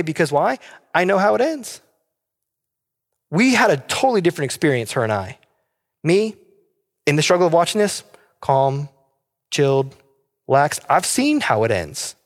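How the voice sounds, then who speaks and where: A male pastor preaches in an earnest, pleading way and keeps asking his listeners questions. His voice sits a bit higher than most men's. A long reverb trails after his words in a large hall. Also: sing-song, moderate pace, pauses often. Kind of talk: sermon.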